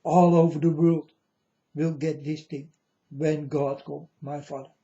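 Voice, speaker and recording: Man, slow halting delivery, mellow dark tone, solemn, repeats himself, muffled low-fi recording. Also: little pitch movement. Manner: solemn, halting, repeats phrases, sometimes loud. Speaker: self-styled prophet. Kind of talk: religious monologue to viewers.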